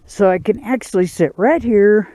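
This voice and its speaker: A man's voice: high-pitched, normal speed, mellow, no room sound. A man chatting casually to the camera outdoors at a backcountry campsite, rambling and laid-back with lots of fillers. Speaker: outdoor vlogger. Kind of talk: casual outdoor vlog chat.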